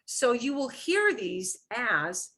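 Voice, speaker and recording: A woman's voice: fairly high pitch, very animated, slow pace, fairly bright tone. A woman teaching a beginner Spanish class, explaining patiently and often checking in with "okay?".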